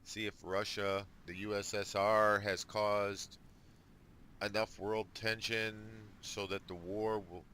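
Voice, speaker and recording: A man with a very low, bright-edged voice talks through his strategy game in a casual let's play. He thinks aloud at an unhurried pace and drops dry little jokes as he goes. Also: flat delivery, slight background noise. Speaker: gamer.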